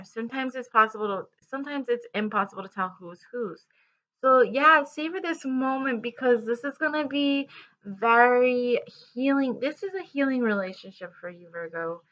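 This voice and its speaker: A woman talks through a tarot love reading in a loose, rambling way, full of fillers and restarts. Her voice is bright and forward, and the recording sounds slightly muffled and lo-fi. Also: mid-range voice. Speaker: tarot reader. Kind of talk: casual tarot reading to camera.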